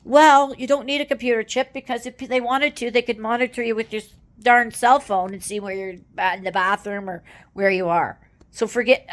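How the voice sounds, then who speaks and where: A Canadian woman with a voice on the high side offers casual political commentary, sounding exasperated as she rambles, filling her speech with fillers and tag questions.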